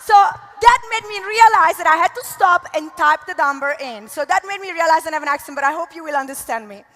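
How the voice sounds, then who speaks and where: A woman with an Italian accent giving an animated, gushing motivational talk from a convention stage. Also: very high-pitched, a little fast, a little hiss or hum. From Italy. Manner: animated, gushing, lots of laughs. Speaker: conference speaker. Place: large convention hall. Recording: echoey hall reverb.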